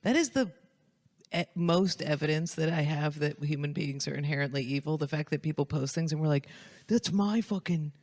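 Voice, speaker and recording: A man in casual podcast chat, throwing in quick reactions and wry asides. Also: fairly high pitch, dry recording.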